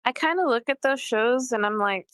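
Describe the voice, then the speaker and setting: A woman's voice: fairly high pitch, moderate pace, fairly bright tone, clear, resonant tone, no echo, low-quality recording. A young adult woman who has just woken up, chatting affectionately and sleepily with friends on a stream. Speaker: guest friend on call. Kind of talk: casual chat.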